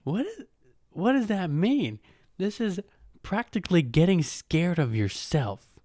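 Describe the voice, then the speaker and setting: A man's voice: sits high, very animated, a little slow, mellow, dry recording, studio quality. A man hosting a podcast, riffing in a mocking, profane way and laughing at his own jokes. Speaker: podcast host. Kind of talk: casual comedic monologue. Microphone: podcast microphone.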